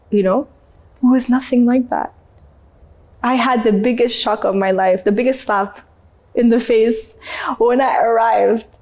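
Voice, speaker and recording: A woman guest from Canada telling her story in an interview, animated and acting out the people she met. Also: medium pitch. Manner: animated, acts out other people's voices. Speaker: guest, actress.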